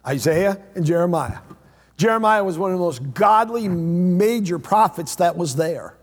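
A man preaching a sermon as pastor, repeating phrases and swinging between loud emphatic lines and hushed low ones. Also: animated, moderate pace. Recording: long hall reverb.

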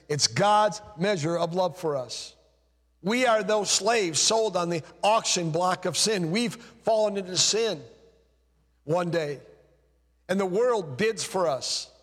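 A man delivers an impassioned sermon in a high, husky voice, taking his time over each phrase. He lets his voice sink low and soft when he leans on a point. A long reverb from the hall trails behind his words. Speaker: preacher.

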